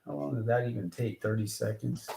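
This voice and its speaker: Man, rapper, mid-pitched with a fry edge, muses half to himself; echoey room, faint hiss. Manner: musing, talks to himself in halting bursts. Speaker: rapper writing lyrics. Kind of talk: thinking aloud while songwriting. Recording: roomy echo, faint background noise.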